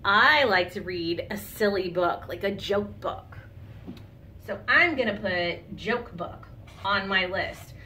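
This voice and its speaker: A woman teacher giving a lesson to young children, patient and encouraging, guiding them calmly. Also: mid-range voice, slow pace, a little hiss or hum. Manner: calm, soothing guidance.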